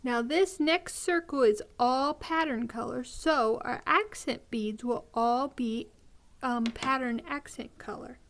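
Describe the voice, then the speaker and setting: A woman hosting a beading tutorial, explaining each step patiently with frequent ums and pauses. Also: on the high side, a bit bright.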